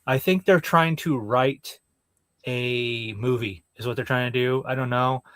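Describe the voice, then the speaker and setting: A man's voice: mid-range voice, a little slow, fairly bright tone, no room sound. A man co-hosting a podcast in casual chat, blunt and exasperated, swearing freely. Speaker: podcast co-host.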